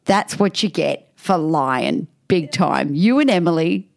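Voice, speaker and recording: An Australian woman co-hosting a casual podcast, cheeky and quick with teasing jokes. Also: low voice, animated, gravelly. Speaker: podcast co-host. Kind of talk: casual chat.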